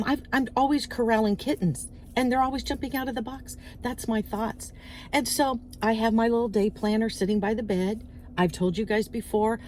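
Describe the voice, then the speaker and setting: A woman's voice: mid-range voice, darkish tone, slight background noise. A middle-aged woman chatting animatedly into her phone outdoors, telling stories and acting out little voices. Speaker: vlogger. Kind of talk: casual chatty rant to camera. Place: outdoors, waiting in parked car area.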